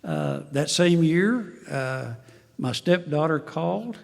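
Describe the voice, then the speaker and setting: A man's voice: a little high, expressive, slow, creaky, long reverb tail. A man, telling his life story to a recovery meeting in a folksy, dry-humored way and chuckling at his own jokes. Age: 70s. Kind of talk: personal testimony to an audience.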